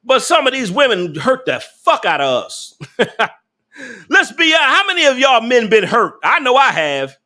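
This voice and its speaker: A man's voice: very high voice, wildly swooping pitch, normal speed, sharp tone. A young adult man, casually ranting on a live stream, blunt and profane, laughing often and talking back to his chat.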